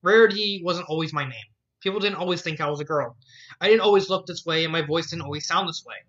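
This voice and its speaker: Man reading as elegant refined young woman, genteel, bright tense voice, dull lo-fi sound. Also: fairly high pitch, fast talker, natural voice. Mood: wistful. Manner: genteel phrasing, calls others dear.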